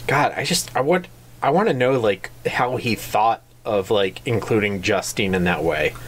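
Animated podcast co-host, jokey. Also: medium pitch, normal speed, a little hiss or hum. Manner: animated, jokey, slips into silly voices. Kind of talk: casual book club chat.

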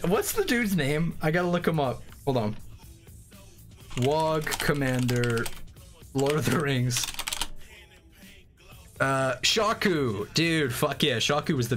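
A man livestreaming a strategy game, chatting casually and excitably with frequent swearing and rambling asides. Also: medium pitch, slow, pauses often. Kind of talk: casual gameplay commentary. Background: faint game music.

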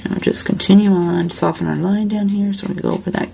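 A woman hosting a step-by-step coloring tutorial, talking in a relaxed, chatty way while she works. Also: mid-range voice, quick pace, vocal fry, slightly rough. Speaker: crafting tutorial host.

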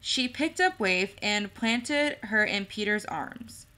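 A woman narrating a storybook chapter slowly and carefully, her voice bright and clear. She occasionally trips over a word and goes back to fix it, keeping an unhurried, steady delivery. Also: mid-range voice. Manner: slow, careful, small slips and self-corrections. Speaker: storybook reader. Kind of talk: reading a novel aloud.

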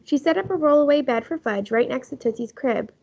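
A woman teacher reading a children's chapter book aloud in a lively storytelling manner. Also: high-pitched, fairly quick, creaky, breathy edge. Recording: muffled lo-fi recording.

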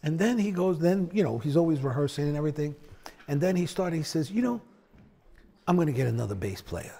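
Gravelly man telling a lively story. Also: brisk. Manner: animated storyteller, acts out quotes with big pitch swings. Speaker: bassist. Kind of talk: storytelling in a sit-down conversation.

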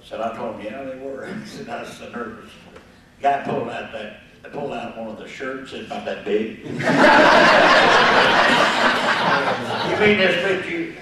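A man's voice: medium pitch, fairly even intonation, fairly quick. An older man telling a rambling, folksy story to a live group, chuckling and acting out the voices of the people in it. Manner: chuckling, folksy, acts out the voices in his stories. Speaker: guest storyteller at a gathering. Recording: echoey room, voice from far off the mic, faint noise.

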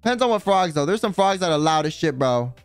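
A man's voice: a little high, lively intonation, fast talker, clean tone, no echo, faint music behind. A man hosting a casual livestream, rambling and profane, with heavy use of "like" and dramatic emphasis. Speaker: livestream host. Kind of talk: casual stream chat.

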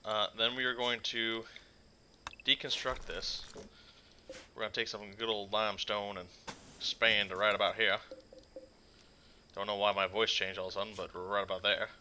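A man commenting on his gameplay in a very bright, sharp voice. He mutters under his breath much of the time and shouts when something happens. Faint hiss sits behind his microphone. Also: on the low side, normal speed, pauses often. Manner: muttering to himself, then loud excited outbursts. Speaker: gaming channel host. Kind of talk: casual let's-play commentary.

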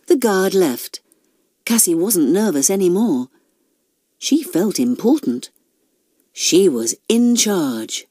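A woman reads a children's storybook slowly, with a lively, rising and falling voice. Her pitch sits on the lower side, and music plays behind her. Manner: slow and expressive. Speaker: narrator. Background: background music.

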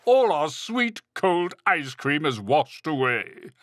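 Toad is a small, excitable male storybook toad, voiced by a man who pushes his voice well up high and a touch louder. He cries out in flustered bursts, his pitch swooping widely and his delivery drawn out slowly. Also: background noise. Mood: grumbling. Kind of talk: children's storybook reading.

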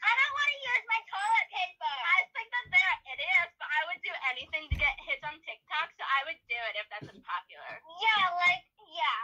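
A woman's voice: very high voice, animated, a little fast, few pauses, sharp tone, muffled recording. A young woman playing guests in an improvised skit, talking in a whiny, dramatic, rambling way.

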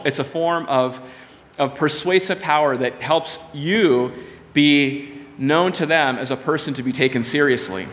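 A man preaching a sermon with earnest, measured exhortation. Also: fairly high pitch, a bit bright, in a large hall.

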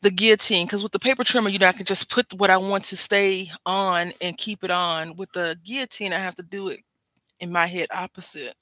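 A woman's voice: mid-range voice, fairly even intonation, a little fast, pushed and bright, no room sound, low-quality recording. A woman chatting casually while she works on a craft project, rambling and wryly complaining in an easygoing way.

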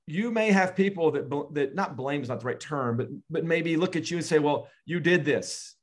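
Earnest man retelling a family story. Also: on the high side. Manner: earnest, measured storyteller with pauses. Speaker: guest.

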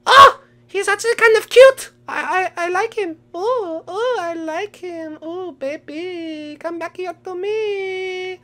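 A melodramatic young black cat boy with a vengeful streak, played by a woman. The voice sits extremely high and bursts into shrieks before dropping to low mutters of revenge, in a playful game role-play. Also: lively intonation, moderate pace, bright, forceful tone, exaggerated voice. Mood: smitten.

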